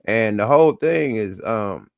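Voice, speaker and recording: A man's voice: lowish voice, animated, unhurried, gravelly, smooth, dry recording, studio quality. A man hosting a podcast in casual chat, talking bluntly and emphatically with plenty of profanity. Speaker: podcast host.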